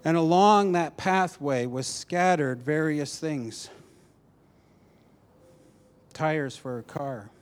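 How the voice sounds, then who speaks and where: A man preaching a personal testimony, telling the story animatedly with halting restarts. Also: fairly high pitch.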